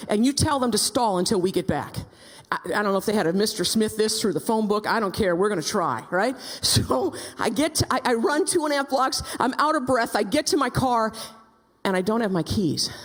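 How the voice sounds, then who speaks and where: Animated woman telling a story in a hall. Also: on the high side. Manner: animated, acts out quotes, many repeated ands. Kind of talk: storytelling speech. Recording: long reverb in a large hall.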